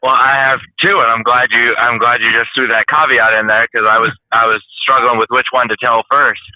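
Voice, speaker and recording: A man's voice: mid-range voice, steady tone, brisk, no echo, narrow, tinny audio. A man who drives trucks, a guest telling a funny story with lots of laughter. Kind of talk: casual storytelling.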